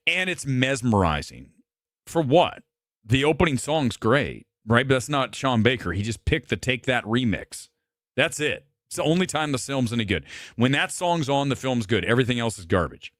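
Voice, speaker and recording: A man hosting a movie talk show, ranting about films in a profane, animated way, his voice slightly hoarse. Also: mid-range voice, no room sound. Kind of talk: live show, ranting opinion.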